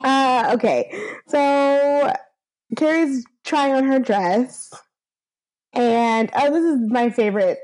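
A woman's voice: fairly high pitch, a little mellow, poor audio. A woman co-hosting a casual chat, rambling and laughing often mid-sentence. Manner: chatty, rambling with many likes. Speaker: podcast co-host. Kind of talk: casual chat recapping a film.

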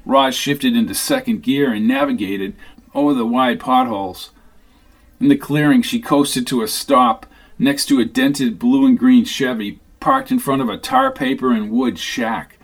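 A man reading a novel aloud as narrator, in a steady, even manner. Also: medium pitch, measured pace, gravelly. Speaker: audiobook narrator. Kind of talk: scripted narration.

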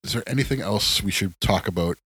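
A man co-hosting a podcast in casual chat, rambling and profane, ranting with animated emphasis. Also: lowish voice, brisk, slightly rough, no room sound. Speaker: podcast co-host.

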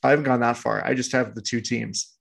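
A man's voice: mid-range voice, steady tone, fairly quick, creaky, slightly rough. A laid-back man co-hosting a podcast in casual, rambling sports chat. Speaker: podcast co-host.

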